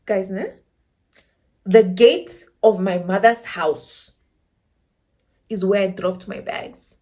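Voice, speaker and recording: A young woman with a Namibian accent telling a dramatic story to camera in a casual, animated way, acting out quotes and laughing often. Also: medium pitch, takes it slowly, pauses often. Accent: Namibian English. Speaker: storytelling vlogger.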